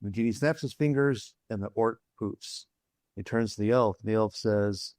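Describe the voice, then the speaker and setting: A man's voice: on the low side, normal speed, darkish tone, no room sound, clean studio sound. A man chatting on a remote call at a game cast roundtable, telling jokes as a storyteller. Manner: joking storyteller. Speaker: fighter player. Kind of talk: casual roundtable chat.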